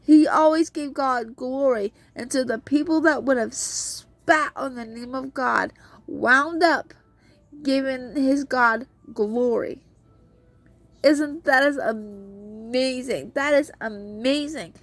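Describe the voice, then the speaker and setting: A woman with a high voice, speaking slowly with no room sound, hosts a podcast offering a casual devotional talk on a book of the Bible. She acts out quotes in an earnest storytelling tone.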